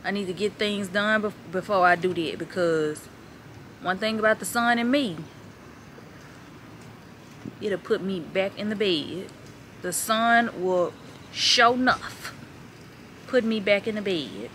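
A woman's voice: mid-range voice, takes it slowly, long pauses, a bit bright. A woman vlogging at home, chatty and joking as she talks straight to her viewers while getting ready. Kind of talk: casual vlog talk to camera. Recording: echoey room with noise.

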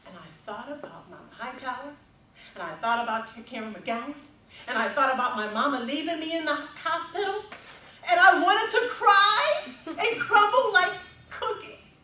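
Middle-aged woman, speech contest speaker with an animated voice, heard from a distance in a hall. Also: sits high. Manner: expressive storytelling with dramatic pauses. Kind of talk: prepared public speech. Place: stage in a large hall.

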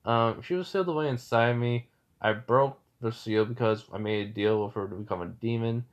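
A man's voice: medium pitch, normal speed, highs cut off, natural voice. A man voicing a cheerful, casual boy ninja in his own everyday voice, speaking in an offhand way.

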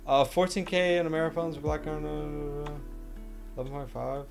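A man's voice: a little high, fairly even intonation, moderate pace, over music. A young man casually chatting on a livestream, joking, using slang and reading chat messages aloud.

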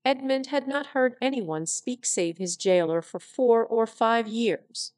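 A synthetic text-to-speech woman reading a classic novel aloud as narrator, with even delivery. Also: a little high, measured pace, no echo, clean studio sound.

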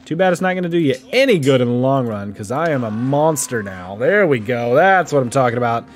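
A man's voice: mid-range voice, lively intonation, fairly quick, slight background noise. A man casually commentating his own gameplay, joking and reacting playfully. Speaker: gaming YouTuber. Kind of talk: casual let's-play commentary.

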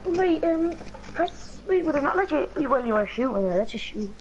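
Fairly high-voiced woman in halting game chat. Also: very animated, lo-fi sound, background noise. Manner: hesitant, stop-start questions. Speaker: gamer.

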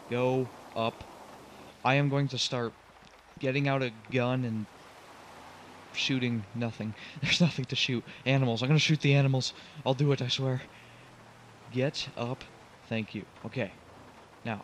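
A man's voice: medium pitch, normal speed, slight background noise. A young man commenting on his own driving game run, getting frustrated, pleading with the truck and groaning at his mistakes. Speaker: gaming channel host.

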